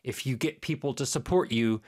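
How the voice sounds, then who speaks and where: A man's voice: medium pitch, moderate pace, darkish tone. A man co-hosting an English lesson, giving plain explanations and everyday examples. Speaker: co-host.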